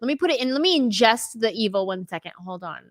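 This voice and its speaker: A woman host reacting to a guest's story with playful jokes and quick interjections. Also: fairly high pitch, expressive, no echo, studio quality. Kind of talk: casual chat.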